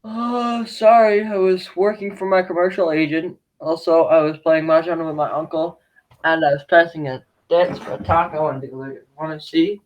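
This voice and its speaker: A man playing a relaxed, scatterbrained casting assistant who talks in a casual, offhand way, over a video call. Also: on the high side, moderate pace, close to an everyday voice, low-quality recording. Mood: rambling. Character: laid-back, scatterbrained young male casting assistant.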